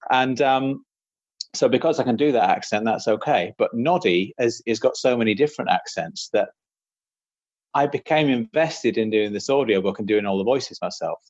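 A man's voice: medium pitch, moderate pace, darkish tone, dry recording. A man chats casually on a podcast, rambling and self-deprecating, laughing at himself often. His voice sits mid-range, recorded very dry with a slightly dull, lo-fi tone. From Britain. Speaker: podcast host and audiobook narrator.

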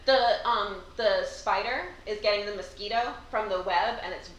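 A woman's voice: medium pitch, normal speed, fairly bright tone. A woman co-hosting a casual chat, reading poems aloud and teasing her friend playfully. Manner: playful, teasing, laughs often. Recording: echoey room, slightly distant mic, faint background hiss.

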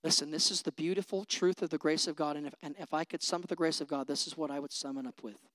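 A woman's voice: low-pitched, steady tone, fast talker, a bit bright, no echo, clean studio sound. A woman preacher delivering an emphatic, rousing sermon and calling out for amens from the congregation.

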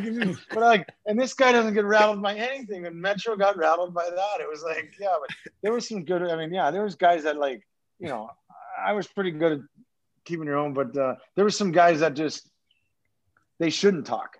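A man's voice: sits high, a little fast. A man who is a former pro hockey player, telling stories as a podcast guest in a rambling, profane way full of restarts. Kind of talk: casual storytelling. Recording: dull lo-fi sound.

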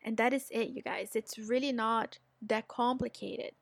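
A woman with a lightly raised voice hosts a motivational podcast. Her tone is energetic and encouraging as she speaks straight to her audience. The sound is dry and close. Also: fairly high pitch, unhurried, gravelly, no echo. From Brazil. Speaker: podcast host.

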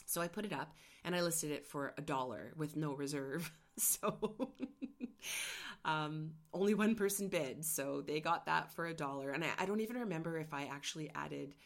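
A woman's voice: low voice, normal speed. A middle-aged woman, an artist hosting her own show, telling a personal story candidly and getting emotional. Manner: candid, emotional, gets choked up. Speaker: podcast host and artist.

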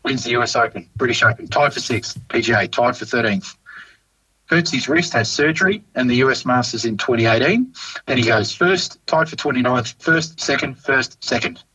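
A man with an Australian accent co-hosting a casual golf podcast, ranting in an animated, exasperated way. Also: mid-range voice, normal speed, breathy edge, low-quality recording. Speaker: podcast co-host.

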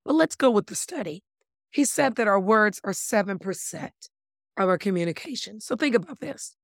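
A woman's voice: mid-range voice, moderate pace, no room sound. Emphatic woman explaining, dry close sound. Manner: animated, emphatic, playful wordplay; calls listeners "my lovelies". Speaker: body language expert guest. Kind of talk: casual interview chat.

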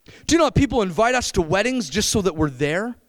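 A young man preaching a sermon, animated and addressing the congregation with frequent questions. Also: sits high, fast talker, no echo.

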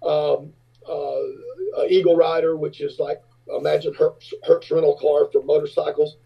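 A husky man tells his stories with gusto and jumps into high squeaky voices for the people in them. His voice sits a bit high for a man, and the audio sounds dull and lo-fi. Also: normal speed. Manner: animated storyteller, acts out other voices in high pitch. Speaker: rock singer and businessman, guest. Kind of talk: casual interview storytelling.

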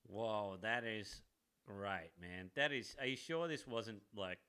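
An easygoing man co-hosting a casual podcast. His voice is bright and clear. He chats along loosely. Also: lowish voice, expressive. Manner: easygoing, quick to laugh along. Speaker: podcast co-host.

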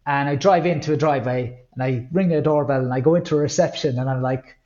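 A man's voice: mid-range voice, fast, highs cut off. A middle-aged Irish man from Ireland, a guest candidly telling his personal story in an interview, acting out quotes now and then. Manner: candid, reflective, with lively acted-out quotes.

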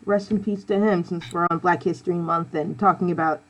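A woman's voice: lowish voice, steady tone, a little fast, rough recording. A woman in a casual podcast chat, playful and talkative. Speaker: podcast guest.

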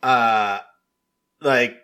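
Man, casual recap chat, rambling, heavy filler words, swearing, bright tense tone. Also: mid-range voice, steady tone, drawn-out words, clear, resonant tone. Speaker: reality TV recap vlogger.

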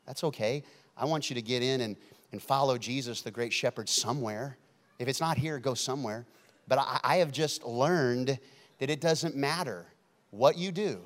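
A man preaching a sermon as pastor, acting out stories with sudden shouts and then dropping soft. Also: mid-range voice. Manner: dramatic, shouts and acts out stories, swings loud to soft. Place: large church hall. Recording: long hall reverb.

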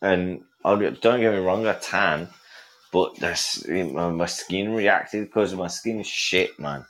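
A man's voice: deep voice, slow, fairly bright tone. A man with an English accent chatting casually and animatedly on a podcast, swearing often. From England. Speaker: podcast co-host. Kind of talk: casual chat. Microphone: remote call.

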